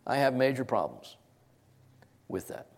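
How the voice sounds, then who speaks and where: A man's voice: mid-range voice, very animated, measured pace. A middle-aged man preaching an expository sermon, emphatic, his voice rising and dropping sharply to stress points.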